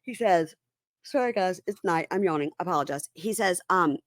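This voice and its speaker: Lowish woman podcaster, acts out quotes while recapping, dry close sound. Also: a little fast, no echo. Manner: animated retelling, acting out quotes. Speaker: podcast co-host recapping reality TV. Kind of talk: casual chat.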